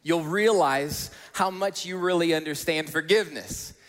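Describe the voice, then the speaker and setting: A male pastor preaching a sermon to a congregation in a large church auditorium, telling stories in a conversational, animated way. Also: a little high, normal speed. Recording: echoey hall.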